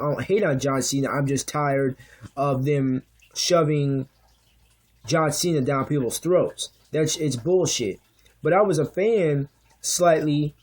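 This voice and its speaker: A man's voice: a little high, a little mellow. A young man giving a heated, profane, unscripted rant, often restarting his sentences. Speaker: vlogger.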